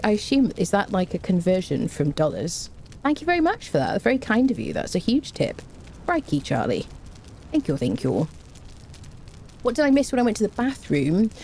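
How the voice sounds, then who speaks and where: A woman's voice: medium pitch, a little mellow, slight background noise. A woman chatting casually on a game live stream, rambling and thanking viewers by name.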